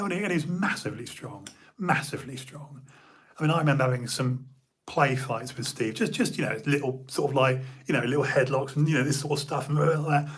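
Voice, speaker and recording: A man's voice: medium pitch, brisk, husky. A middle-aged man from Bournemouth, telling old stories in a rambling casual chat full of fillers and restarts. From Bournemouth, England.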